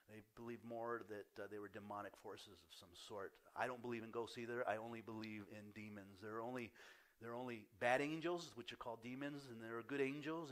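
An older pastor giving a sermon, telling stories and acting out the voices of the people in them. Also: male voice, lowish voice, a bit bright. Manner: storytelling, acts out voices of people in the story. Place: church.

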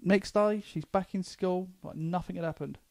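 A man co-hosting a comedy podcast, telling crude stories in a lively, animated way. His voice sits a little high but sounds mellow and warm. The recording is dry and close, with no room echo. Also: normal speed, gravelly. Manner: animated, crude storytelling with swearing. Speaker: comedian co-host. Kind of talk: casual comedy podcast chat.

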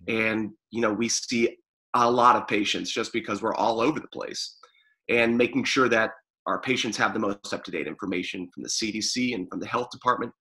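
A man's voice: fairly low pitch, fairly even intonation, fairly quick, pushed and bright, low-quality recording. A man chatting casually in an interview, rambling with fillers and restarts. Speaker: guest, former pro sports media staffer.

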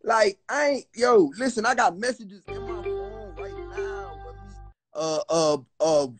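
A man's voice: high-pitched, unhurried, music in the background. A young man telling a heated story on a livestream call, agitated and profane, stumbling over restarts. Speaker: guest on a livestream. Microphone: phone on a live video call.

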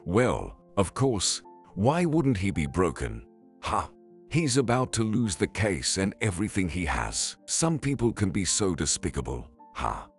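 A man's voice: sits low, very animated, unhurried, soft background music, heavily acted. A man voicing an angry, suspicious ex-husband who talks sarcastically and accusingly. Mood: sarcastic.

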